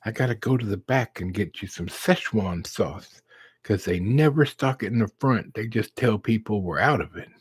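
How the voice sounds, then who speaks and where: A man's voice: lowish voice, lively intonation, moderate pace, husky, no room sound. A man quoting a chatty drive-thru worker lady. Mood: confiding. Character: friendly, chatty fast-food worker woman.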